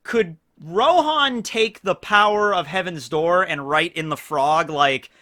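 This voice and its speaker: A man giving casual solo commentary on an anime, rambling with many fillers and animated asides. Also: sits high, slow, few pauses. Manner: rambling, full of fillers, jumps into animated voices.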